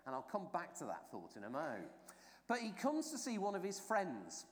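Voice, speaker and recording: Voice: mid-range voice, moderate pace. Chatty preacher in an echoing church. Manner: chatty, animated storytelling with many fillers and asides. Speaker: clergy trainer preaching at a baptism. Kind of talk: informal sermon to a congregation. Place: church during a baptism service. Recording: long church reverb.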